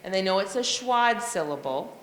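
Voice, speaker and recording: A woman teacher walks fellow educators through a phonics method, spelling letters and sounding them out slowly. Her explanatory talk has a long reverb, as if spoken in a large hall. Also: medium pitch, expressive, a bit bright. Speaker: reading intervention teacher. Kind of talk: professional development presentation. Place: school room or hall.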